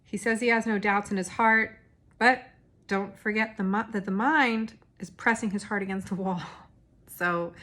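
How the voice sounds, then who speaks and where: A woman's voice: mid-range voice, measured pace, a bit bright. A young woman recapping a reality dating show in a rambling, casual monologue full of fillers and restarts. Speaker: recap podcast host.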